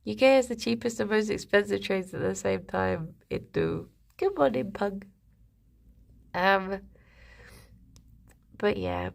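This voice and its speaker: Slow-talking woman with vocal fry. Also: medium pitch. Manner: rambling, chatty, talks to her pet rabbits. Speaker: live streamer. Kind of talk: casual chat reading viewer comments.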